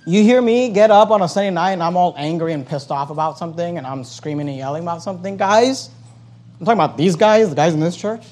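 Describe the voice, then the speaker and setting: Middle-aged man, pastor, fervent sermon delivery, a touch higher-pitched than most men. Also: fast. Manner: fervent, emphatic preaching that swings loud, then soft in prayer.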